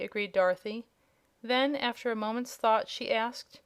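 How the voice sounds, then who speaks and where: A woman narrating a children's fantasy audiobook in an even, unhurried storytelling manner. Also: a little high, smooth.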